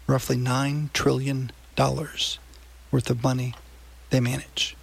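Gravelly-voiced man explaining finance. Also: mid-range voice, level tone, slow pace. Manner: explanatory, conversational, checks listener understanding. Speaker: radio finance show host. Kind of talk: casual radio talk.

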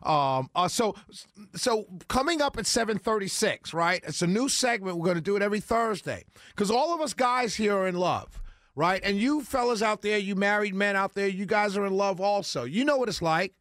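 A man's voice: high voice, expressive, moderate pace, fairly bright tone, no echo. A man hosting a talk radio show, talking in an emphatic, rambling way straight to his listeners on a studio mic. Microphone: studio broadcast mic.

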